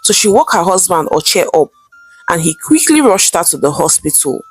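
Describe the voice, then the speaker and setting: A woman's voice: fairly low pitch, very animated, moderate pace, breathy edge. A woman narrating a folktale in a dramatic storyteller manner. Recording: faint background music.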